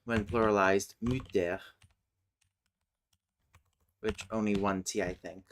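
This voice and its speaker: A man streaming casually, thinking aloud as he works, muttering and humming to himself with many hesitant pauses. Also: fairly low pitch, flat delivery, slight background noise. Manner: mutters and hums to himself while working; slow, hesitant, with many fillers.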